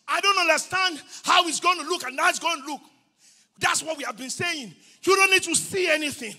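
A man preaching a sermon as pastor, exuberant, breaking into shouts and laughter. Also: very high voice, a little fast.

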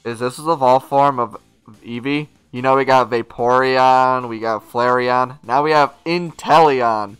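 A man giving casual gameplay commentary, excitable and profane, talking back at the characters on screen. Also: mid-range voice, a little slow, smooth, faint music behind. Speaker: let's play gamer.

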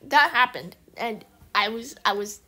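A woman vlogger rambling excitedly through a casual movie recap, full of restarts. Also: on the high side, a little slow.

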